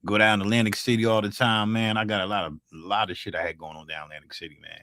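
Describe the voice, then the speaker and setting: A man's voice: on the low side, little pitch movement, quick pace, pushed and bright, dry recording, studio quality. Older Philly man, casual livestream chat. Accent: Philadelphia. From North Philadelphia, USA. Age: 60s. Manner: loose, profane, joking street talk with frequent restarts. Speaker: livestream beatmaker host.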